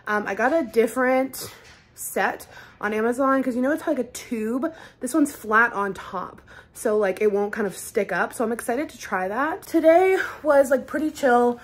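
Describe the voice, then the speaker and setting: A young woman talks to her camera at home in a relaxed vlog. Her voice sits a little high with a husky, breathy edge. She is chatty and giggly, her sentences peppered with "like" and "um". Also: moderate pace. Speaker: lifestyle vlogger. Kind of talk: casual vlog chat to camera. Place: at home, bedroom.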